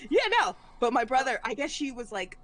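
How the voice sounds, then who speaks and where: A woman's voice: on the high side, brisk, over a noisy crowd. A woman in casual chat during an online tabletop game, telling comic family stories with lots of swearing and laughter. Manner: animated, swears freely, laughs mid-story.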